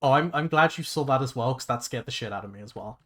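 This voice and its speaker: A young man chatting casually on a livestream while he plays a game, rambling and excitable, swearing freely and restarting his sentences. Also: mid-range voice, fast. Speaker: VTuber streamer. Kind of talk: casual gaming livestream chat.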